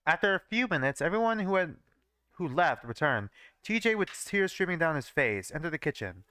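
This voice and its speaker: A man's voice: on the high side, big pitch swings, moderate pace, sharp tone, clear, resonant tone, no room sound, studio quality. A young man reading his own old fanfiction aloud on a live stream, breaking off with casual, swearing jokes about his writing. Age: young adult. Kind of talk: live reading with joking asides.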